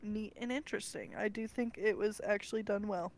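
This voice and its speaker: A young adult woman co-hosting a casual podcast, chatty and quick to laugh, with plenty of fillers. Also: mid-range voice, steady tone, poor audio. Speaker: podcast co-host. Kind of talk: casual chat.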